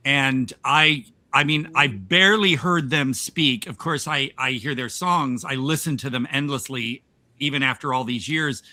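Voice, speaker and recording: A man's voice: medium pitch, a little slow, bright, forceful tone. An older man from the United States hosting a podcast, chatting casually, rambling and restarting his sentences with frequent laughs. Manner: rambling, self-interrupting, laughs often. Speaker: podcast host. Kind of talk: casual chat.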